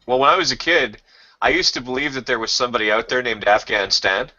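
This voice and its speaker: Bright-voiced male talker for a loose, profane podcast anecdote; muffled lo-fi sound. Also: medium pitch, quick pace. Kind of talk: casual storytelling chat. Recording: dull lo-fi sound.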